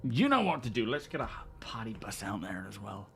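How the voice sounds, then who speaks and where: A young man streams a game with a brisk, sing-song voice on the low side, faint music playing behind him. This is casual live-stream chat, and he greets his viewers by name.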